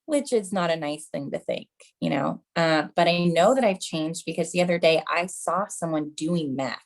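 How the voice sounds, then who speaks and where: A woman's voice: sits low, animated, normal speed. A woman in her thirties doing a stand-up set, chatty and self-mocking, often calling the crowd "you guys". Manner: self-mocking mom jokes. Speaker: stand-up comedian.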